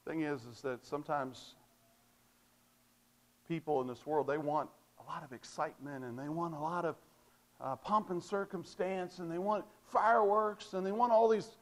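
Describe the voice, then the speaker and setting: A man's voice: a little high, moderate pace. A man preaching a sermon, emphatic and repetitive, asking rhetorical questions and stressing key phrases.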